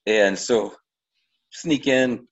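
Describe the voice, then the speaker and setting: A middle-aged American man telling a hunting story in a casual, animated and rambling way. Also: mid-range voice, very slow, lo-fi sound. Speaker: podcast guest, bowhunter.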